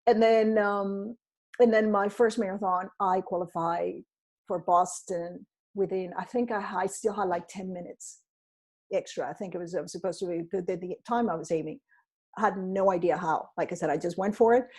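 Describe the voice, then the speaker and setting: A middle-aged woman appears as a guest on a podcast, telling her story in a rambling, animated way and acting out what people said to her. Her voice is mid-range and her speed normal, in a casual storytelling interview.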